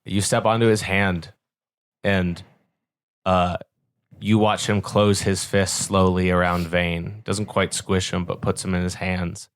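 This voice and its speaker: A man narrating a tabletop game as game master with slow, descriptive scene-setting. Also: sits low, flat delivery, dry recording, studio quality.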